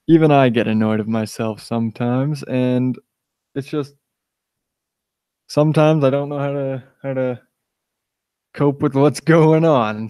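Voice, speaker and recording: A man's voice: mid-range voice, warm tone, clean tone, no echo. Rambling young man ranting on a stream. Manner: opinionated, rambling, frequent restarts and "you know". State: high on cannabis. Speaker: channel host live-streaming. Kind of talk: rambling live-stream rant. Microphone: desk microphone.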